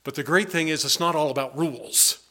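A man preaching in a church with a bright, forceful voice that sits a little high for a man. He asks earnest, pleading questions and swings between soft, low urging and bursts of emphasis. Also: brisk. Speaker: pastor. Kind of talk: sermon. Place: church sanctuary.

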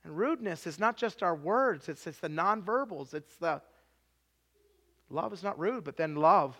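Telling stories from the pulpit, this forties-aged pastor often restarts his sentences and at times sinks into a hushed, confessional register. His voice is high and expressive, moving at a normal speed.

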